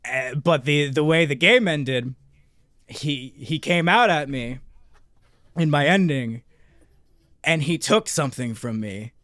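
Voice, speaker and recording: A man co-hosting a podcast, telling a long, excitable story in casual chat with constant swearing and restarts. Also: a little high, takes it slowly, pauses often, dry recording, clean studio sound. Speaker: podcast co-host.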